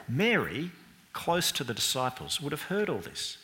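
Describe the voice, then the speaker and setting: Lively male preacher in a reverberant church. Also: on the high side, normal speed. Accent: British English. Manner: lively, conversational preaching with questions to the congregation. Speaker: pastor. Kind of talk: sermon. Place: church hall. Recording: long reverb from a church hall.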